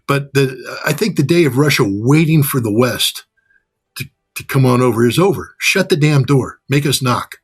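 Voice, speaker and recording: A man in his sixties from the United States giving blunt, sarcastic political commentary in a husky voice. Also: medium pitch, moderate pace. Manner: blunt and sarcastic, mocks with put-on quoted voices.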